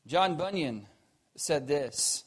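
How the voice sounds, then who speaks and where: Man with a high voice preaching; earnest, questioning, swings from emphatic to quiet. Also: animated, takes it slowly, husky. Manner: rising to emphatic peaks, then dropping low and quiet; earnest, asks the listeners questions. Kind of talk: sermon.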